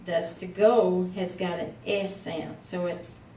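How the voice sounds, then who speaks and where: A woman tutoring a student in Hebrew reading in a casual one-on-one lesson, patiently sounding out letters and syllables slowly. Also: fairly low pitch, little pitch movement, warm tone, reverberant, far from the mic, a little hiss or hum, rough recording.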